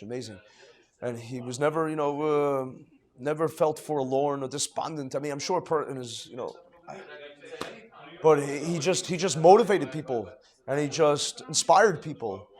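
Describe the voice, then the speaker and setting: Rambling rabbi, hushed then emphatic. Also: male voice, on the high side. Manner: rambling, full of "you know" and restarts, swings between hushed and emphatic; mixes Hebrew and Yiddish terms into English. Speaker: rabbi teaching a class. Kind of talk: informal Torah lecture.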